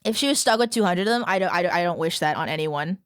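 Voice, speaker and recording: A woman's voice: lowish voice, lively intonation, fast talker, clear, resonant tone, dry recording, clean studio sound. A young woman streaming, chatting casually with her chat in a playful, exclaiming, mock-ranting way, swearing freely. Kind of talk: casual livestream chat, reacting to chat.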